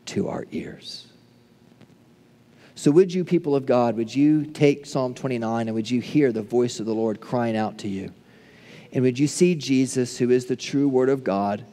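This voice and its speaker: A male pastor preaching a sermon, building to impassioned peaks and then falling to hushed, soft prayer. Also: medium pitch, big-room sound. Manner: impassioned, rising to near shouts then dropping to hushed tones.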